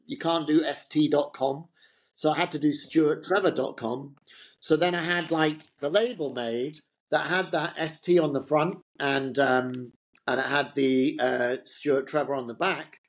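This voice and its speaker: Man, middle-aged, rambling casual storyteller, interview guest, a touch high-pitched. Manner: chatty storyteller, loose and rambling. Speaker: fashion entrepreneur, interview guest. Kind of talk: casual anecdotal interview talk.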